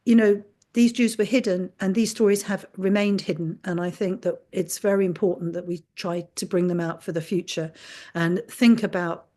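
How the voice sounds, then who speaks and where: A woman, an author and journalist, explaining her book earnestly over a video call, with frequent "uh" and "you know" and an animated rise and fall. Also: fairly low pitch.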